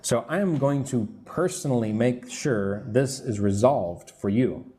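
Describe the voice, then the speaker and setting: A man teaching a live English lesson, who explains words slowly and checks in with the class, with construction noise near his room. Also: medium pitch, animated, dark tone. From lives in Vietnam.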